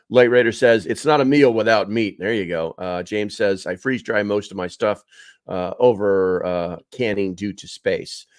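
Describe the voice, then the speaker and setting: Man, casual livestream host, low voice, dry close sound, chatty with lots of ums. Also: dry recording. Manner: chatty, many fillers, calls viewers bro and dude. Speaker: livestream host reading chat.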